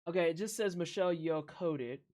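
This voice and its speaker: A woman streamer reacting to game trailers live, rambling and swearing with animated asides to chat. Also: fairly low pitch, brisk.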